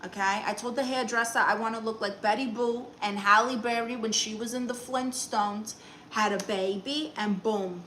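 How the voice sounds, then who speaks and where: Brash Brooklyn woman, bright forceful tone, a bit high, sassy comic live-stream banter. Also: fairly even intonation, moderate pace, a little hiss or hum. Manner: brassy, sassy, teasing banter. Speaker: comedian reading live chat comments. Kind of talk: live-stream chat in a sassy aunt persona.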